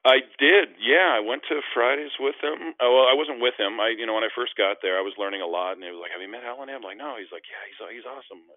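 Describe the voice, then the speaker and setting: A man's voice: mid-range voice, fast talker, few pauses, dry recording. A man, a former basketball player, telling stories in a casual interview and acting out the voices of the people in them. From Canada. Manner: animated, acts out quoted voices in stories. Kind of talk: casual storytelling. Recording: dry, phone-like narrow sound.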